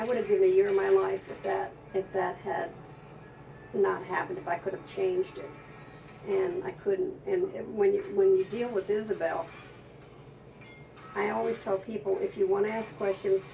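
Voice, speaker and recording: A woman's voice: mid-range voice, creaky, a little mellow, recorded from a distance, highs cut off. A woman psychic telling an emotional, rambling story in a conversational interview, often restarting her sentences.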